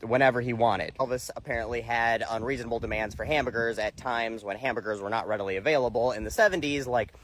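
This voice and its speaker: A man's voice: mid-range voice, quick pace, few pauses, a bit bright. A man telling a comedic story with irreverent, profane jokes and asides.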